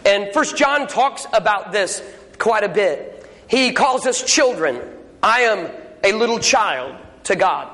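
High-voiced folksy male preacher. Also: a bit bright. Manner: folksy, storytelling. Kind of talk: sermon with joke telling. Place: church sanctuary. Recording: echoey church hall.

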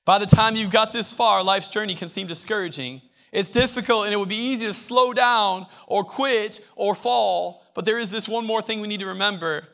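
High-voiced man preaching a fervent sermon. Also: normal speed, gravelly, hardly any pauses, fairly bright tone. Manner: emphatic and repetitive, with many restarts.

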